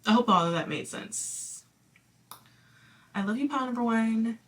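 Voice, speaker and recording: A woman's voice: a little high, moderate pace, fairly bright tone, slight background noise. A woman giving a casual spoken card reading to her viewers, chatty and reassuring, full of fillers and small laughs. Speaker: tarot reader.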